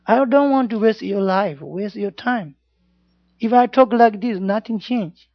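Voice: medium pitch, unhurried, no room sound. A Buddhist teacher giving an informal class talk in simple broken English, often checking in with "yeah?" and "you know". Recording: dull lo-fi recording, dry sound.

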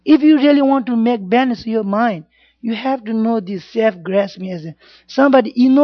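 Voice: medium pitch, normal speed, no echo. Buddhist teacher, plain broken English, keeps checking in with the class; dull, dry lo-fi recording. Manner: simple broken English, frequent checks like "yeah?" and "you know". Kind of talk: informal Dharma class talk.

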